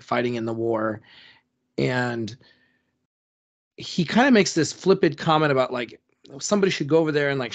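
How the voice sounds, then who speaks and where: Co-hosting a casual history podcast, a man retells a story loosely and rambles, constantly filling with "like" and "um." His voice is medium pitched and the audio sounds dull.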